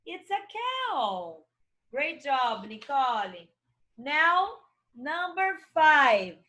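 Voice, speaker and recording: Slow, lively Brazilian woman teaching kids. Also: high voice. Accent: Brazilian Portuguese. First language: Portuguese. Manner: slow, spelling words letter by letter, encouraging. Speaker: English teacher for children. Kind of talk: online children's lesson.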